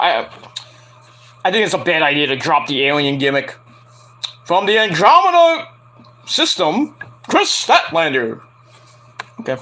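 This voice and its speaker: A man hosting a casual podcast, rambling and joking while he watches a game, with loud outbursts. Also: fairly high pitch. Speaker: podcast host.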